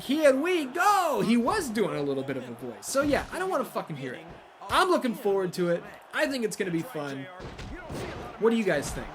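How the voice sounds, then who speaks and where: A man's voice: high-pitched, a little hiss or hum. A man commentating his own wrestling video game playthrough, swearing and ranting as he plays. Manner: profane, ranting, excitable. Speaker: let's play host. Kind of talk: gameplay commentary.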